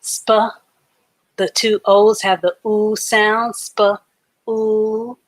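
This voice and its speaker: A woman's voice: medium pitch, level tone, slow pace, dry recording. A woman teaching a live online reading class, patiently sounding out words letter by letter and syllable by syllable.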